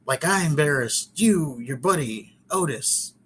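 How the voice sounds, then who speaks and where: A man's voice: a little high, expressive, measured pace, a bit bright, slight background noise. A man putting on a pompous male European wrestler, speaking in a showy, clumsy mock accent. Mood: taunting.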